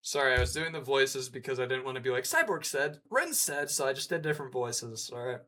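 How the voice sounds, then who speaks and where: A man with a bright, forward tone reads chat logs aloud and hosts an informal commentary. He gives each sender a different put-on voice. Between the messages he sighs, swears and sounds worn out. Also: medium pitch, lively intonation, fairly quick. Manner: sighing, swearing, exasperated. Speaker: commentary host.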